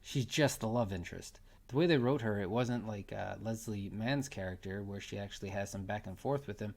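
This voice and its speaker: A man's voice: lowish voice, fairly quick, a little mellow. Rambling casual male movie reviewer. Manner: rambling, repeats words, laughs often.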